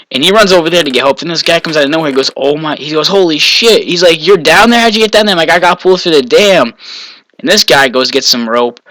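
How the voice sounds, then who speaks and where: Telling casual stories about his own life, a young man from Maine rambles, corrects himself frequently, and chuckles between lines. This vlogger's voice sits at medium pitch with a bright, forceful tone. The audio is dry and poor.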